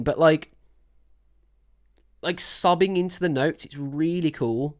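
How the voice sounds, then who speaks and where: Picture a woman with a low, deep-set speaking voice hosting a music reaction. She rambles happily, piling on fillers and gushing over what she hears, in a loose and casual commentary. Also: takes it slowly, long pauses. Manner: enthusiastic, rambling with many fillers.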